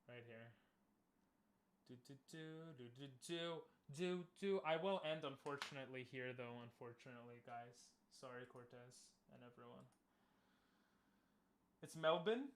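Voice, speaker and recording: A man's voice: mid-range voice, a bit bright. A man streaming, chatting casually and easygoingly with his viewers, laughing often.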